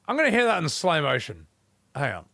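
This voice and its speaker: A man's voice: a little high, huge pitch swings, brisk, creaky, bright, forceful tone, no echo. A man streaming a video game, commenting in jokey, profane rants to his chat.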